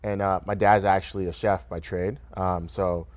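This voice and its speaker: A young man with a fairly low voice talks easily as a studio interview guest. He laughs often and keeps things casual, dropping "right?" and "kinda" into his sentences. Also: flat delivery, moderate pace. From Grand Rapids, Michigan, USA. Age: young adult. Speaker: guest, restaurant owner. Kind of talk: relaxed interview conversation. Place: radio studio.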